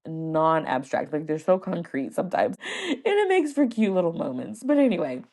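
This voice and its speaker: A woman hosting a casual podcast, spinning a story from her classroom. Her voice sits a bit low and mellow, and she laughs often as she acts out the words she teaches. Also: sing-song, normal speed. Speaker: podcast host and first-grade teacher.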